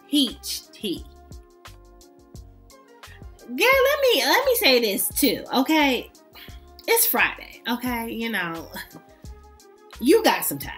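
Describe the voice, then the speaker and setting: A woman's voice: sits high, animated, measured pace, fairly bright tone, faint music behind. Chatty, emphatic woman reviewing fragrances. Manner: chatty, emphatic, playful with sassy asides. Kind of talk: casual review vlog.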